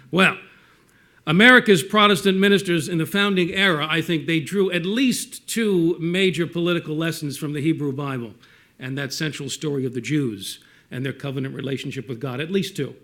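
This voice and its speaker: A man's voice: fairly high pitch, normal speed, sharp tone. A man in his forties with a Brooklyn accent, responding in a public talk with a casual manner and joking asides.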